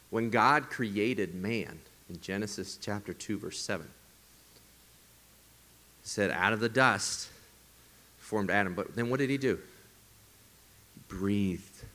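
Lower-voiced male pastor preaching with hushed drops. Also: takes it slowly, pauses often. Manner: emphatic preaching that drops to hushed, breathy whispers for effect. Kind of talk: sermon. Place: church service streamed to viewers at home.

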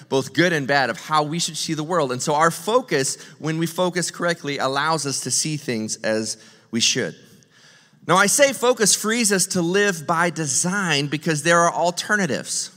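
Bright-voiced pastor in a reverberant hall. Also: male voice, fairly high pitch. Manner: animated, joking, acts out quick impressions. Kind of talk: sermon. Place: church stage.

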